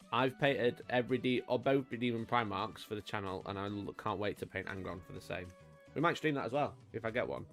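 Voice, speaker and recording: A lowish male voice with vocal fry and a bit of brightness belongs to a UK livestream host painting miniatures, who chats casually and greets viewers by name.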